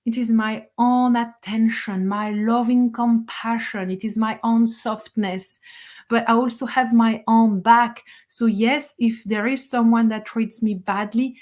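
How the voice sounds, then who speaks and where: A woman's voice: on the high side, steady tone, a little slow, darkish tone. A middle-aged woman, a spiritual teacher, giving a blunt, fiery motivational monologue, swearing for emphasis and laughing between points.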